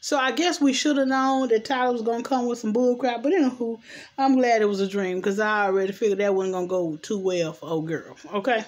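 A woman's voice: on the high side, brisk. A young adult woman chatting at home in a loose, rambling way, recapping a TV episode and often saying "anywho.". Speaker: TV recap vlogger. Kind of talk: casual recap chat. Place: home at night. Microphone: camera mic.

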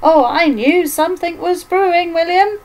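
A woman reading aloud and voicing a gentle, grieving elderly mother who talks softly and slowly. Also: medium pitch, animated. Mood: warm. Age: older. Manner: soft, slow and tender.

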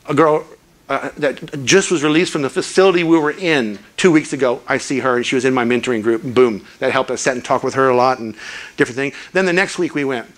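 An older man giving a sermon as a guest preacher, telling stories earnestly and acting out the people he quotes. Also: medium pitch. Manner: earnest storytelling, quotes people in lively voices. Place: church.

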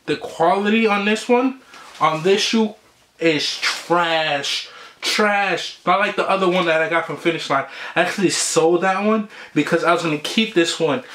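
A man's voice: high-pitched, a bit bright, echoey room. A sneaker vlogger man ranting casually in slang, repeating himself as he shows a shoe. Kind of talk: casual unboxing rant.

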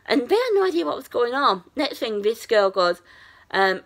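A young woman chats to camera in a casual storytelling vlog. She rambles and restarts often and fills her pauses with "um" and "like". Her voice sits in the middle of the range for a woman. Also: mid-range voice. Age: young adult. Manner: chatty and animated, many fillers and restarts. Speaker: vlogger.

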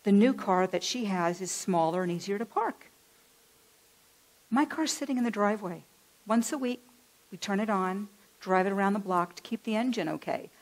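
A woman minister from California giving a sermon, telling a personal story with lively acted-out voices. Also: medium pitch, normal speed, poor audio. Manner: animated, acts out voices in her stories. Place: church.

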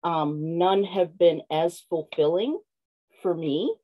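Excitable woman author, low mellow voice. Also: takes it slowly, low-quality recording. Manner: excited, animated storytelling with lots of fillers. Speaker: picture book author, guest. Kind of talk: casual video-call interview.

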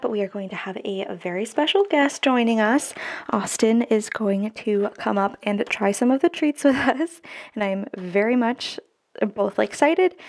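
A woman's voice: a little high, a little mellow, a little hiss or hum. Bubbly young woman counting cash. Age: 20s. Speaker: budgeting vlogger. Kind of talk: casual chat to camera.

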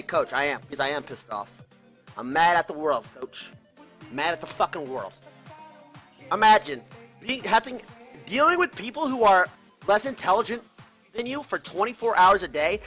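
A young man streaming a video game, ranting profanely at the top of his voice. His voice swings widely in pitch and has a bright, forceful edge. Faint music plays behind him. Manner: loud profane ranting, shouting in frustration. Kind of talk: live game stream rant.

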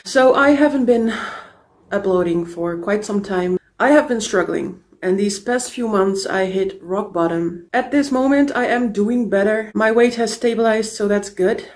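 A woman's voice: medium pitch, measured pace, darkish tone. A young adult woman talking candidly to camera in a personal vlog, open and confessional, with many fillers. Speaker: vlogger.

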